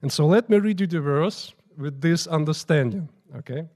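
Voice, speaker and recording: A temple priest telling informal, halting stories about his teacher during morning prayers in a temple. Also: a little high, darkish tone. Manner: informal, halting, restarting phrases. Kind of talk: storytelling talk at morning prayers.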